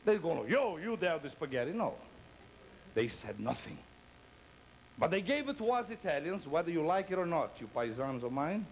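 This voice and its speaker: A male stand-up comedian performs his routine in a high, wildly leaping voice with vocal fry, very animated at a moderate pace and pausing often. He's theatrical and playful, teasing audience members while a faint murmur fills the live room. There's slight background noise and the recording is low quality.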